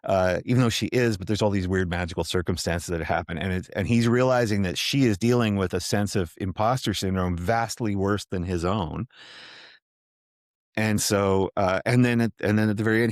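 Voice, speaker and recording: A man, an author guest in an interview, telling a story in an animated way with many restarts. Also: fairly low pitch, moderate pace, no echo, clean studio sound. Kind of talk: casual interview talk.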